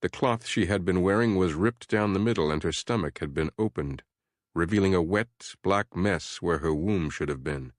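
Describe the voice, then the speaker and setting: A man narrating a horror audiobook in a measured, steady storytelling voice. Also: sits low, no echo, studio quality.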